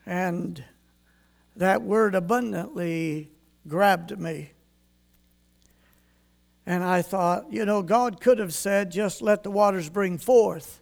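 An older man preaches a homespun sermon in an unusually high voice for a man. His delivery is slow and unhurried, with a gravelly edge. He reads old scripture in a measured King James cadence. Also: darkish tone. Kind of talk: folksy sermon with scripture reading.

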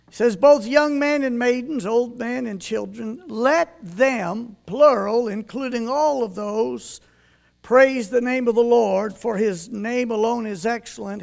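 An older man preaching a folksy sermon in a high voice, reading scripture in a King James cadence. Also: vocal fry.

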